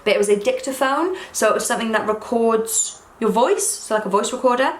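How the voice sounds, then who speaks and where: Doing her makeup at home, a young woman YouTuber chats in a casual get-ready-with-me style, rambling and gushing with plenty of "like" and "um." She sounds a little high, animated and a little fast. The echoey room carries faint ambience and slight background noise.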